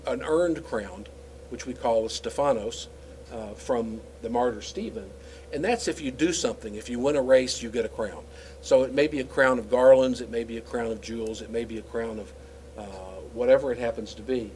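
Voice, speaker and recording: A man's voice: mid-range voice, normal speed, darkish tone, a little hiss or hum, low-quality recording. A man teaching scripture in a conversational, explanatory way, with frequent fillers and restarts. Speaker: Bible teacher.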